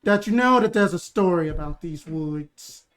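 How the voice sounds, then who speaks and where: Laid-back gm rambling through a scene, lots of "you know" and "like", mid-pitch voice. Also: expressive, moderate pace, fairly bright tone. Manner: rambling, many fillers and restarts; easygoing, joking with players. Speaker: game master. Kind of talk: narrating a tabletop game.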